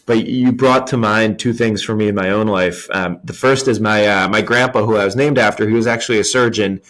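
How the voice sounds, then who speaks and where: A man hosts a podcast in a fairly low voice. He speaks in a thoughtful, friendly way, sharing his own stories and asking long, meandering questions. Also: fairly even intonation, a little fast, a bit bright. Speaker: podcast host. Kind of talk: casual interview conversation.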